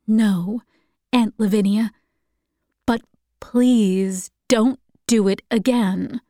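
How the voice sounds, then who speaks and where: Woman reading as shy young daughter, earnest, soft and slightly raised voice, slow and dry, storybook reading. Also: medium pitch, fairly even intonation, no room sound.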